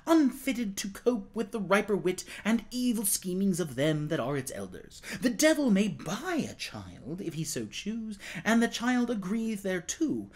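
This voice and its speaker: A learned older judge voiced by a man laying out the law in measured, formal tones. His pitch moves widely through the explanation. A storybook reading. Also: a little mellow, full character voice. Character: learned old male judge.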